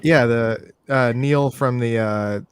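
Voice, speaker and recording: A man's voice: mid-range voice, slow, clear, resonant tone. A man hosting a podcast, chatting casually and joking with friends, often using fillers. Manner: relaxed, joking, lots of fillers. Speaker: podcast host.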